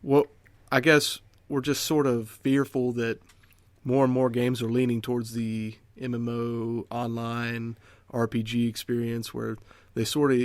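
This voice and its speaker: A young man with a middle-pitched voice co-hosts a podcast, recorded dry and close. He talks earnestly and mocks himself a little, building into a heated rant. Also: flat delivery, measured pace, no room sound. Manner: earnest, self-deprecating, ranting. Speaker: podcast co-host. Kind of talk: casual podcast chat.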